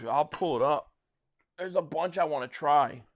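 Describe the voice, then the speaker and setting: A man from South Jersey, near Philadelphia, hosting a casual live stream. His voice sits fairly high for a man. He rambles through viewer comments in loose, chatty talk and often restarts his sentences. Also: measured pace.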